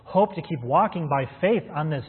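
A man's voice: fairly high pitch, expressive, normal speed, husky. A man preaching a sermon as a pastor, earnest and calling his listeners friends. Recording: phone-like sound in a reverberant hall.

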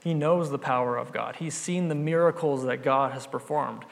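A man's voice: medium pitch, moderate pace, gravelly. A man preaching a sermon, retelling a Bible story in an earnest, conversational way. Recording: long hall reverb.

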